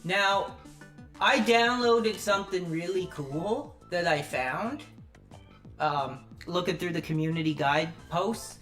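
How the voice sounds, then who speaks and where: A man's voice: high-pitched, takes it slowly, a bit bright, echoey room, faint music behind. A man in his thirties on a live stream, ranting angrily and swearing, then apologizing for his language. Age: 30s. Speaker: livestreamer.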